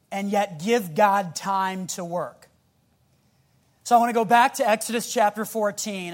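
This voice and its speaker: A man in his thirties preaching a sermon, who reads scripture and acts out scenes with growls and shouts. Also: high-pitched. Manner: animated, growls and shouts while acting out scenes. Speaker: pastor.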